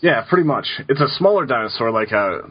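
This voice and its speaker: A man's voice: mid-range voice, animated, fast, husky. A man co-hosting a podcast in casual chat, laid-back and rambling as he reads listener questions. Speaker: podcast co-host. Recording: dull lo-fi podcast audio.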